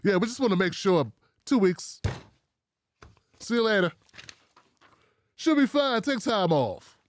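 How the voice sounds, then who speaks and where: A man's voice: sits high, big pitch swings, unhurried, a little hiss or hum. A man hosting a commentary show, talking casually and mockingly and repeating himself for effect.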